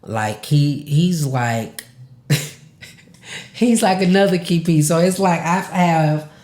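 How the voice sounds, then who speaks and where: Slow-talking man on the verge of tears. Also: a little high, a little mellow, reverberant. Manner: emotional, close to tears, laughing through it; casual, repeats words for emphasis. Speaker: podcast host. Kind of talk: heartfelt podcast monologue.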